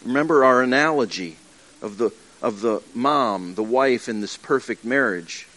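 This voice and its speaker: A man preaching in an earnest, conversational way, with a voice at a middle pitch for a man. He restarts his phrases often and slips into little acted asides. The sermon moves freely, more like talking to friends than reading a script. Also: expressive, moderate pace, sharp tone. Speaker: pastor. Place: church with livestream.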